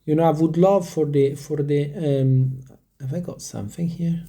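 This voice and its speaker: A man's voice: on the high side, steady tone, moderate pace, warm tone. A man who is not a native English speaker, rambling casually to his viewers with lots of hesitations and restarts. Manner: stumbles over word pronunciation. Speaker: vlogger. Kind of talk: casual talk to camera.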